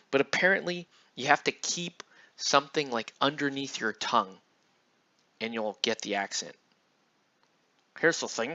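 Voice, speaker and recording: A man's voice: medium pitch, sharp tone. A man casually chatting and rambling while he paints miniatures on a live stream, with loose slangy talk. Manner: laid-back, rambling, slangy. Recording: dull lo-fi stream audio.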